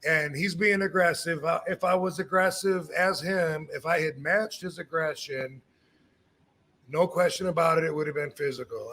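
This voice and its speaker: A middle-aged man hosting a podcast, telling a story in casual talk and acting out what others said. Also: on the high side. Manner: animated, acts out quoted dialogue, frequent restarts. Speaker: podcast host.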